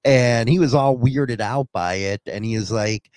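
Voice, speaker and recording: A man's voice: mid-range voice, unhurried, few pauses, a little mellow, dry recording. A man hosting a shock-jock radio show, brash and provocative, joking through banter with his co-host.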